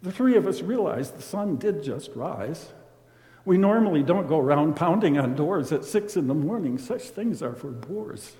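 A man's voice: on the high side, expressive, measured pace, mellow. Man reading as a sheepish, bedraggled traveler. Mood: apologetic. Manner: apologetic, fumbling. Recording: roomy with long reverb.

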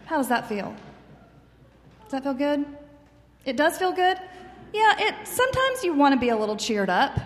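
A woman teaching a class of children, gentle and encouraging, asking them questions as she goes. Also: high-pitched, sing-song, moderate pace, pauses often. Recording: echoey room, faint background noise.

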